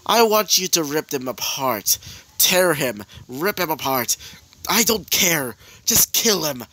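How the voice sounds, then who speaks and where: A man voicing a vengeful young woman villain, cold and menacing, speaking slowly in drawn-out threats. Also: on the high side, big pitch swings, bright, forceful tone, no echo, pitched above the performer's own voice, exaggerated voice. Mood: vicious command.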